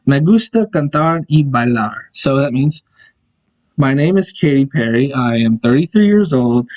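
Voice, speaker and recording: A man's voice: medium pitch, darkish tone. A young man casually walking through his old school projects on screen, rambling and correcting himself, with chuckling asides. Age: young adult. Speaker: video creator. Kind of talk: casual screen-share walkthrough.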